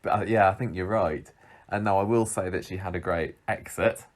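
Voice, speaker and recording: A man's voice: deep voice, fairly even intonation, fairly quick, a loud crowd. A man co-hosting a casual chat, talking in a rambling, chatty way with frequent restarts. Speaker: podcast co-host. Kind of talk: casual chat rating soap characters.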